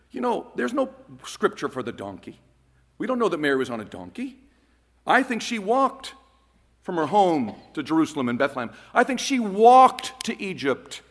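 Pastor, man, sermon delivery; emphatic, drops to a hush, pitch swings widely. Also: in a large hall. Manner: emphatic, swinging from loud declarations to hushed phrases.

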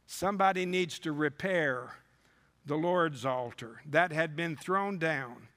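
A man's voice: a little high, slow, fairly bright tone. A male preacher reading scripture in a sermon and breaking in with sarcastic asides. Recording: long hall reverb.

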